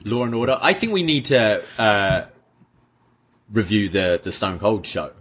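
A man's voice: lowish voice, measured pace, a bit bright, a little hiss or hum. A man co-hosting a casual review podcast, laid-back and chiming in agreeably. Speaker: podcast co-host.

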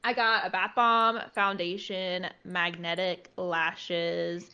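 A woman's voice: fairly low pitch, flat delivery, slow, bright, forceful tone, smooth, lo-fi sound. A woman in her twenties, a guest streamer, chatting casually and bubbly with lots of "like". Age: 20s. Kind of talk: casual chat.

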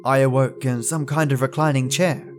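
A man narrating a first-person story for a podcast in a steady, deliberate reading voice. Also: medium pitch, over music.

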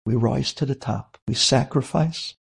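A man, a rabbi, telling a dramatic story, swinging between hushed moments and emphatic ones. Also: medium pitch, a little slow, gravelly, husky.

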